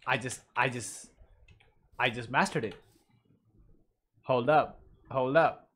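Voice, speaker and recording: A young man giving casual let's-play commentary, mumbling asides and bursting into loud yelps and cheers. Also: medium pitch, slow pace, pauses often, slight background noise. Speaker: gaming commentator.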